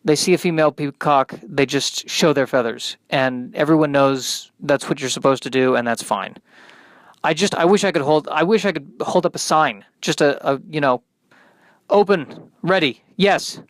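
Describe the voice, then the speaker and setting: Guy rambling a deadpan comedy monologue, keeps restarting, dry close sound. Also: a little high, no echo. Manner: halting, self-deprecating, restarts. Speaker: podcast host.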